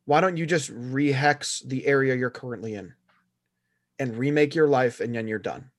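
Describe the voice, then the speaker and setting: A man's voice: mid-range voice, normal speed, dry recording, clean studio sound. A man co-hosting a casual podcast chat, blunt and sarcastic, swearing freely as he sums up a show. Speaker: podcast co-host. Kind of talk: casual chat reviewing a series.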